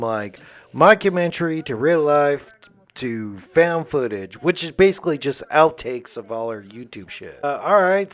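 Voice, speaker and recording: Laid-back guy with a crude, sarcastic edge; casual comedic recap. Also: medium pitch. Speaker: movie recap host.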